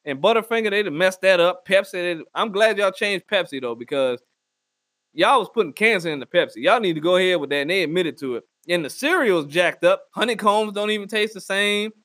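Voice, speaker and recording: Crude, blunt male ranter with a high voice, dry close sound, doing comic advice. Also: expressive, fairly quick, a bit bright, no echo. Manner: crude, blunt, giving mock advice to listeners. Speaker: comedic ranter. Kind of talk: profane comedic rant.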